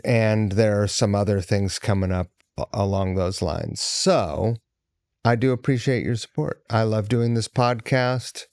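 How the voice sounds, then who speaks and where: A man's voice: on the low side, darkish tone, clear, resonant tone, dry recording, clean studio sound. A man hosting a podcast, chatting casually and swearing freely with a guest. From Seattle. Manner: laid-back, profane, chatty. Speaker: podcast host. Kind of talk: casual chat.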